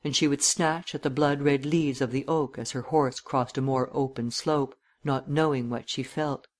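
Male narrator, literary audiobook, measured, descriptive, mid-pitched. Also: steady tone.

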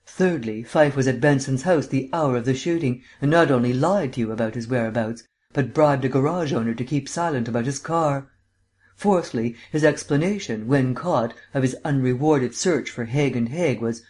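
A man with a medium-pitched, darkish voice close to everyday speech reads an audiobook character. He plays a languid, learned male amateur sleuth who lectures at length in a mannered drawl.

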